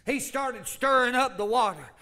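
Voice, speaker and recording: High, bright-voiced preacher. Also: male voice, animated, normal speed. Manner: fervent preaching, swinging from loud calls to low asides. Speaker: pastor. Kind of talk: sermon.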